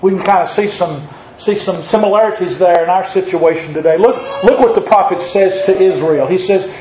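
Preacher guy, high voice, asks the crowd stuff, faint hum in an echoey church. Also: mellow. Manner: reads scripture slowly, then jokes and asks the crowd questions. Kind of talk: sermon.

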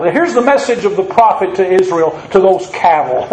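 A man preaching a sermon, reading scripture slowly and then asking the congregation questions with a joke or two. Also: sits high, expressive, darkish tone, reverberant, slight background noise, low-quality recording. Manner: reads scripture slowly, then jokes and asks the crowd questions.

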